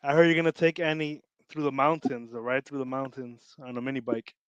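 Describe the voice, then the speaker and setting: A man's voice: medium pitch, flat delivery, brisk, smooth, no echo. A man teasing the others in casual stream banter, on a lo-fi line. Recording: dull, lo-fi mic.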